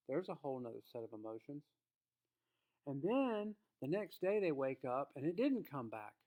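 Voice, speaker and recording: A man giving a casual trading lesson to his viewers. His voice sits a bit high. He talks in an emphatic, folksy way. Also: big pitch swings, moderate pace, dark tone. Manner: emphatic, folksy, acts out quotes. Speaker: trading educator.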